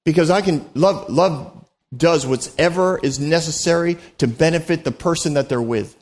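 A man's voice: on the high side, normal speed, a little mellow. Conversational male pastor preaching. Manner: conversational and joking, acts out quoted voices. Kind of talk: sermon.

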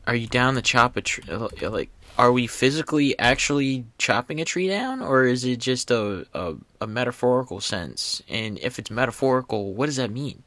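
Bright-voiced young man, dry close mic. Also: medium pitch, lively intonation, moderate pace, hardly any pauses, no echo. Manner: laughing, incredulous, stumbling over words. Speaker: podcast host. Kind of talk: casual solo podcast chat reading aloud.

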